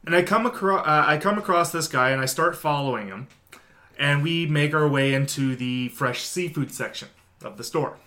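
Male co-host, bright and slightly high, rambling and self-deprecating storyteller in casual chat. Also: normal speed. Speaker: podcast co-host.

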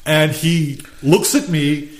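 Man, animated storyteller, slightly high voice, laughs a lot. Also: takes it slowly. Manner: animated storytelling, acts out quotes and laughs often. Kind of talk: casual chat.

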